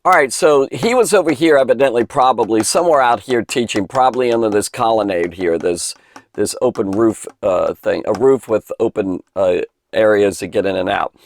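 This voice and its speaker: A man's voice: fairly low pitch, moderate pace, vocal fry, a little hiss or hum. A man giving an informal, chatty Bible lesson for children, digressing often and emphasizing points with enthusiasm. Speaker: Bible teacher.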